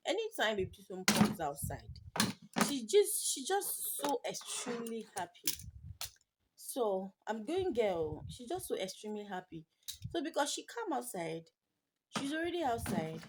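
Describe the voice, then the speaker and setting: A young Nigerian woman, a mother vlogging, telling an emotional, rambling story to her viewers in English mixed with Pidgin. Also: medium pitch. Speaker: mommy vlogger. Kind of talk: personal storytelling to camera. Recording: noisy home video recording.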